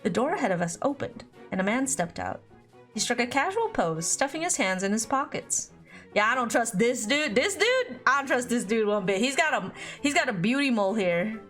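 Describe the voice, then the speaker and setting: A woman streams a visual novel, reading it aloud in a fairly high, animated, somewhat bright voice at a slightly quick pace, with faint music behind her. Her casual let's-play commentary is chatty and giggly, and she laughs often.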